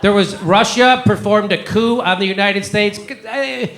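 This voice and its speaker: A male comedian hosting a live show rants sarcastically at the audience, swearing a lot, in a high, fairly bright voice at an unhurried pace. The live stand-up commentary is recorded in an echoey room with a crowd.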